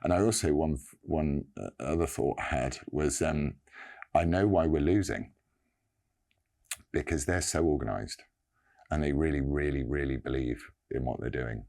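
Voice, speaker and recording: Very deep gravelly Englishman. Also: darkish tone. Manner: halting, earnest, many pauses and restarts. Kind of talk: personal statement to camera.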